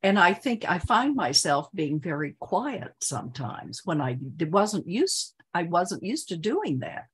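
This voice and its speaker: A woman's voice: on the low side, very animated, measured pace, few pauses, slight background noise. An older woman, chatting earnestly with fellow guests and laughing often. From Texas. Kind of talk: casual chat.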